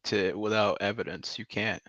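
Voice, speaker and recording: Young man, low voice, slangy rambling chat, lo-fi muffled mic, dry sound. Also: fairly even intonation, normal speed, fairly bright tone, no room sound. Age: 20s. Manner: rambling slangy talk full of "like" and "bro". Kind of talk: casual chat on a live voice call. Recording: dull lo-fi mic.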